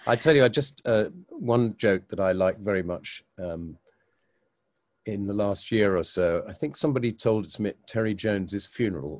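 A man's voice: sits low, no echo. An older man, a comedy producer, speaking as a guest in a casual podcast interview, telling anecdotes and jokes with a chuckle.

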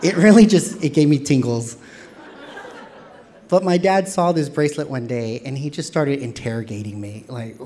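A man telling a personal story on stage, expressive and playful with self-mocking humor. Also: medium pitch, normal speed, a little hiss or hum.

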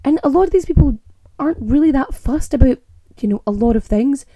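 Scottish woman ranting on a podcast, kinda high voice, really dark mellow tone, rolls her r's. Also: lively intonation, fairly quick, dry recording. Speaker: podcast host. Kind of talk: casual monologue.

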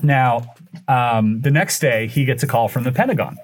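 A man at a mid pitch tells a story on a podcast as a guest, loose and chatty. He keeps the thread running with restarts and fillers and jumps into what each person said. The voice sits near the middle of the male range. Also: moderate pace. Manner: animated, acts out quoted dialogue. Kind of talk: casual storytelling.

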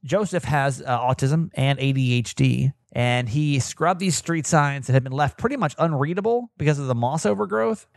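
A man's voice: medium pitch, normal speed, gravelly, few pauses, no room sound. A man hosting a casual podcast, rambling and self-mocking with many hesitations. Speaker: podcast host. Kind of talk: casual chat.

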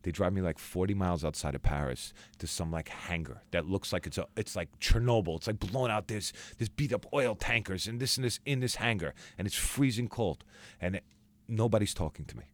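A young man, a guest actor, telling stories in a casual podcast chat, acting out quotes with big jumps in pitch. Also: fairly quick. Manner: animated storyteller who acts out quotes with big pitch jumps.

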